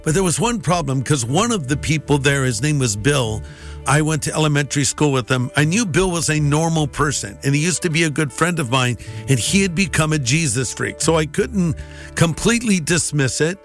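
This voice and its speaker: Man, slightly high voice, animated testimony storytelling, acts out dialogue. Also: a little fast, faint music behind.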